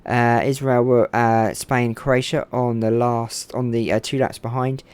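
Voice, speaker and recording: A man giving excited race commentary over a racing game from home, his voice climbing when the action gets close. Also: medium pitch, unhurried, smooth.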